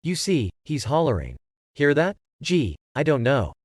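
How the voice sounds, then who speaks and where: A man's voice: a little high, very animated, measured pace, no echo, studio quality. A man reading as a nervous, pleading test subject. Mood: uneasy, pleading. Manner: hesitant, pleading, folksy. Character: anxious, reluctant middle-aged male test subject.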